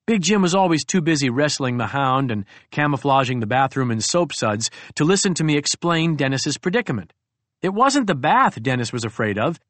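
A man's voice: medium pitch, animated, moderate pace, a bit bright, dry recording. A man reading a first-person audiobook aloud, telling a comic story expressively with big rises and drops in his voice. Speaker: audiobook narrator.

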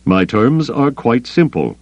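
A man voicing a cold, calculating grand admiral who speaks in a measured, controlled way. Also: medium pitch, very animated, darkish tone, dry recording, dull audio, pitched above the performer's own voice, exaggerated voice. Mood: coolly commanding.

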